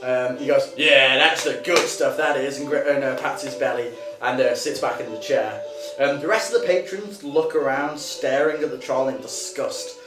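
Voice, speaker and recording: A man's voice: medium pitch, moderate pace. A man narrating as game master in a tabletop game, with many hesitant ums and restarts, in an echoey room with music behind.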